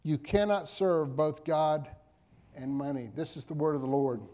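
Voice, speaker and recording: A man's voice: a little high, normal speed, a little mellow. A male pastor preaching a sermon to his congregation, reading scripture and hammering home key phrases through repetition. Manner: emphatic, repeats key phrases for effect. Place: church service before a congregation.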